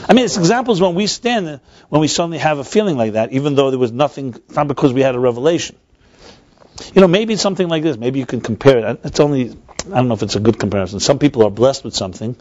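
A man's voice: medium pitch, darkish tone. A man teaching a text-study class, thinking aloud with frequent restarts and answering his own questions. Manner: explanatory, asks and answers himself. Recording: dull lo-fi recording.

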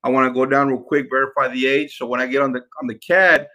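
A podcast host and sales trainer gives an instructional talk in a mid-range, level voice that's bright and forceful. He speaks quickly and emphatically, repeating himself and calling his listeners guys.

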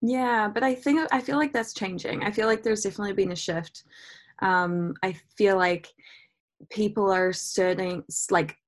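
A woman's voice: mid-range voice, steady tone, moderate pace. A woman with a mid-range voice speaks reflectively in a casual podcast conversation. She fills her speech with "like" and playful comparisons as she thinks aloud. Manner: reflective, uses "like" often, playful analogies. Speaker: podcast co-host.

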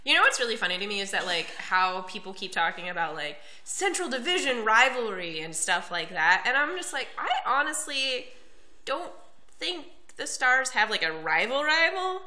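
A woman from Kansas co-hosting a casual podcast, steering the topics in a relaxed, chatty way. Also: a little high, normal speed. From Lawrence, Kansas, USA. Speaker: podcast co-host. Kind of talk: casual chat.

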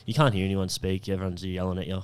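A man's voice: sits low, little pitch movement, quick pace, darkish tone, smooth. A man co-hosting a podcast, telling rowdy stories with lots of swearing and laughter in casual chat. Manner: laughing storyteller, swears a lot. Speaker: podcast co-host.

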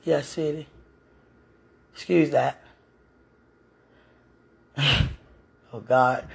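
A woman's voice: sits low, steady tone, extremely slow, creaky, slightly rough. A woman hosting a podcast from her home, talking intimately to a listener in an affectionate tone, laughing often and calling out to God. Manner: affectionate, laughs often, frequent religious exclamations. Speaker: podcast host and mother. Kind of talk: intimate one-sided podcast chat to a listener.

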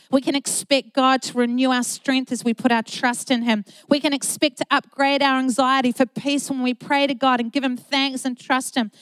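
A woman's voice: high-pitched, dry recording, poor audio. A middle-aged woman pastor, preaching a sermon in an earnest, emphatic way with repeated phrases.

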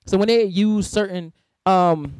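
A young man hosting a casual school panel chat, telling stories in an animated, playful way. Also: sits high, unhurried, no echo. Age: young adult. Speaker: school staff and podcast host. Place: school room.

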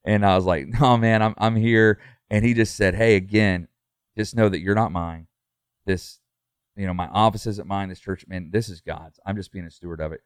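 A man's voice: sits low, fairly even intonation, brisk, dry recording, studio quality. A middle-aged man, a pastor, talking earnestly in a casual podcast conversation, full of fillers and restarts.

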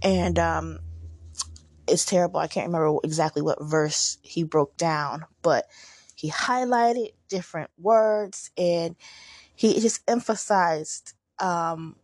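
A woman hosting a motivational podcast, talking in a casual, upbeat and chatty way with lively jumps in her voice. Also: lowish voice, measured pace, no echo, studio quality. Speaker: podcast host.

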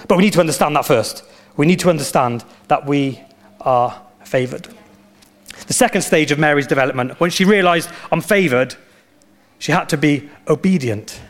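A man preaching a sermon as pastor, with animated storytelling and emphatic repetition. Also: medium pitch.

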